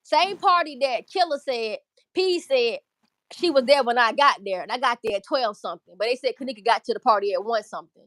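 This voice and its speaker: A woman's voice: a little high, expressive, brisk, a bit bright, dry recording. A woman commenting on clips in a casual, emphatic way, repeating her points and swearing freely.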